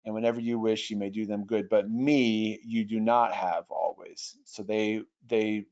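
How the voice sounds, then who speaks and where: A man teaching an online webinar on translation, talking in a thoughtful, hesitant way with restarts, slowly sounding out foreign phrases. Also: on the low side, steady tone, a little mellow, lo-fi sound. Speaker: Bible software trainer. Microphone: computer mic over internet.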